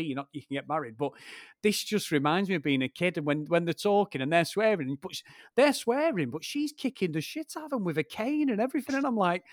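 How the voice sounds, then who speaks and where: A man's voice: on the high side, no echo, studio quality. A man, co-hosting a podcast and telling long, sweary stories in casual chat. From Greater Manchester, England. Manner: rambling storyteller, swears freely, keeps addressing his co-host. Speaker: podcast co-host.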